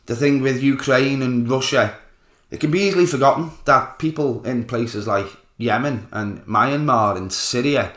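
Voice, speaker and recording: Man, political rant, sarcastic and sweary, mid pitch, echoey room. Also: pushed and bright. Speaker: political commentator. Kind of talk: ranting political monologue. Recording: roomy echo.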